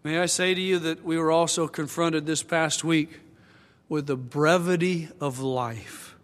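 An older man delivers an earnest, reflective sermon, his voice sitting a little high. He slows and softens at tender moments. His words carry a long reverb from a large church hall. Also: fairly even intonation. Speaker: pastor.

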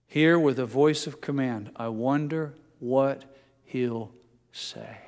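An older man preaching a sermon, telling stories gently and dropping soft and low for quotes. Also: slow, long reverb tail. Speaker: pastor.

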